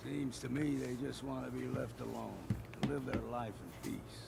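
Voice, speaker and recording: A weathered old island guide in a video game, his voice deeply gravelly and rough. He talks in a blunt, grudging drawl, and loud background noise runs under the game audio. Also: steady tone, moderate pace. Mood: gruff.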